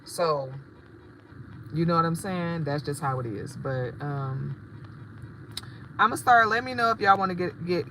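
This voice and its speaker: Chatty woman with a bright voice. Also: fairly low pitch, measured pace, long pauses, a little hiss or hum, low-quality recording. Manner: rambling, chatty, profane, addresses viewers directly. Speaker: spiritual shop owner and livestreamer. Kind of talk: casual livestream chat.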